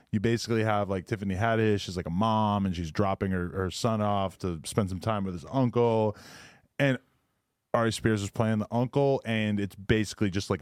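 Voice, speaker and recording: A man hosting a casual podcast, relaxed as he asks questions and reacts. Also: sits low, no echo, clean studio sound. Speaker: podcast host. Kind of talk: casual chat.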